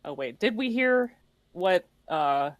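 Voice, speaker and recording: A woman's voice: on the low side, lively intonation, takes it slowly, no echo. A woman running a tabletop game, switching between narration and a teasing in-character voice. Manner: teasing, laughing often. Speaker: game master.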